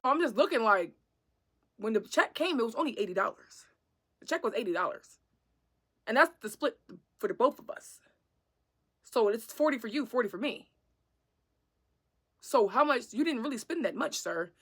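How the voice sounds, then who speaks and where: A slightly high-voiced woman tells a date story to her viewers. She is blunt, slangy and full of profanity, and she acts out the retelling with energy. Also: lively intonation, normal speed, pauses often, fairly bright tone, breathy edge. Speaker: vlogger. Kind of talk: storytime narration.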